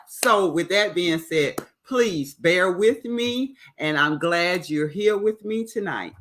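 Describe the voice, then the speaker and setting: A woman hosting a casual livestream recap of a reality show, chatty and animated as she retells scenes. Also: deep voice. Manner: chatty, animated retelling with playful quoted voices. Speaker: host.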